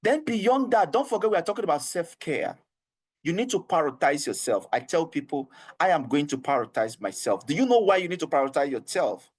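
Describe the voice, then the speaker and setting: A man with a Nigerian English accent runs an online HR training, his voice sitting a little on the high side. He coaxes and repeats himself earnestly. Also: very animated, fairly quick, husky. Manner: earnest, repetitive and coaxing, with frequent laughs.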